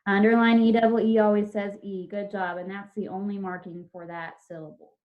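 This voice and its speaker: A woman teacher giving an online spelling lesson over a video call, dictating words slowly and drawn out, patient and encouraging with her class. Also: medium pitch, level tone. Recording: dull lo-fi video call audio.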